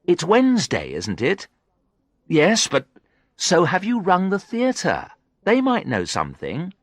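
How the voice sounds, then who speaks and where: A flustered woman friend protests in quick, rising phrases, voiced by a man. The voice sits well above his usual register and swings up and down a great deal. The read is close and dry, with no room sound. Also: high voice, wildly swooping pitch, no echo, pitched above the performer's own voice, exaggerated voice. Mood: hurried.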